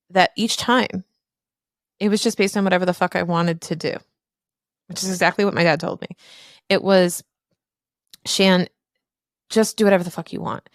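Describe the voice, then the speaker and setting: A woman's voice: lowish voice, clear, resonant tone, no room sound, clean studio sound. A woman in her thirties hosting a podcast, telling a personal story candidly and emphatically, with casual swearing. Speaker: podcast host.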